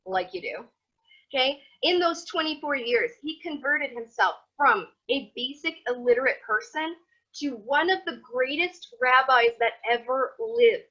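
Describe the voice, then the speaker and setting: Teacher: woman, 30s, chatty and animated, bright voice, dull lo-fi recording. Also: fairly high pitch. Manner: animated, chatty, acts out quotes. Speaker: Torah teacher. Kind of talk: motivational class. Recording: dull lo-fi sound.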